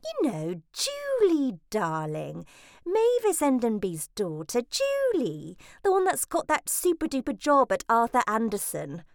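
A woman's voice: fairly high pitch, wildly swooping pitch, a little slow, no echo, studio quality, voice pushed up, exaggerated voice. A woman voicing a fussy, gushing middle-aged mother in an audiobook, breezy and pushy as she chatters on. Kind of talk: audiobook reading.

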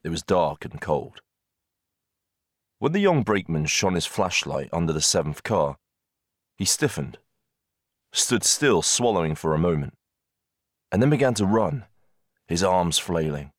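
A very deep male voice reading an audiobook in a measured, even way. The sound is dry and close, with no room echo at all. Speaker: audiobook reader. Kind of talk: scripted audiobook narration.

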